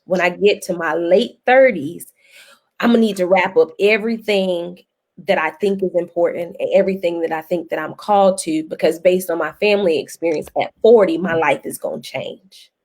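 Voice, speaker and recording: A woman guest host in casual panel talk, an animated storyteller with a folksy lilt. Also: lowish voice, moderate pace. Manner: animated storyteller, laughs often, folksy phrasing.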